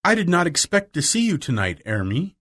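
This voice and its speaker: A man voicing a bold, clever young girl in an audiobook, raising his voice high and speaking with eager emphasis. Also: big pitch swings, brisk, a bit bright. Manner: raised pitch, eager and emphatic. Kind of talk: audiobook reading.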